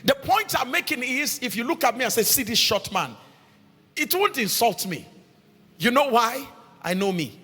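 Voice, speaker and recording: A man's voice: very high voice, expressive, normal speed, sharp tone, breathy edge. A male pastor preaching a sermon to a congregation in a church hall, asking the crowd questions as he goes. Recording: long hall reverb, faint music behind.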